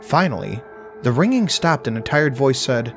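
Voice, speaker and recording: A man's voice: mid-range voice, animated, normal speed, music in the background. A man narrating a first-person horror story in a dry, wry storytelling manner.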